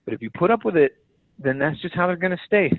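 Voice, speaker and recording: A man's voice: sits high, lively intonation, fast, dry recording. A man leading his sales team on a call, giving an emphatic, direct motivational coaching talk that repeats key phrases. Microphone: phone. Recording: tinny phone-line conference call.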